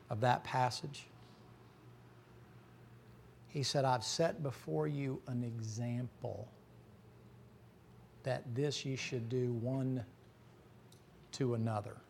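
A middle-aged man preaching a folksy, joking sermon that climbs to loud, shouting peaks. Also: medium pitch, creaky, a little hiss or hum. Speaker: pastor.

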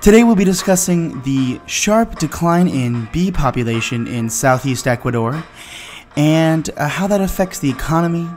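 A man's voice: on the high side, expressive, moderate pace, darkish tone, soft background music. A man hosting a podcast, reading a jokey mock radio introduction in announcer style. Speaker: podcast host.

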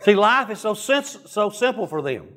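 Male pastor, folksy storytelling sermon, voice sits a little high. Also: big pitch swings, moderate pace, a bit bright. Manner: folksy, storytelling, calls on listeners by name. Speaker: preacher.

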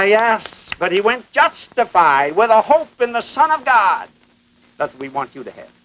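A man preaching an emphatic sermon, swinging between loud exhortation and hushed pleading. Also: fairly high pitch. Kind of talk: fiery sermon. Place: broadcast studio. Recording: dull lo-fi 1950 broadcast with faint hiss.

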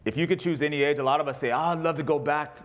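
Lively, joking preacher man. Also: fairly high pitch, very fast. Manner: preaching with humor, reading scripture aloud. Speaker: pastor. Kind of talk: sermon. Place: church service with congregation.

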